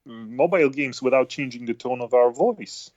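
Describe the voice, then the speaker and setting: A man's voice: mid-range voice, moderate pace, darkish tone, dull audio. A man co-hosting a gaming podcast, chatting casually with a teasing, hesitant manner. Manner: teasing, hesitant, with many uhs. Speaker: podcast co-host. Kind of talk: casual chat.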